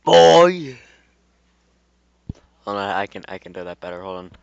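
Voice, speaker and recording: A man's voice: sits low, monotone, very fast, fairly bright tone, clean tone, no echo. A man reading fan fiction aloud in a casual way, breaking off into rambling, swearing asides. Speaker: fan fiction reader and YouTuber. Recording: dull, dry home recording.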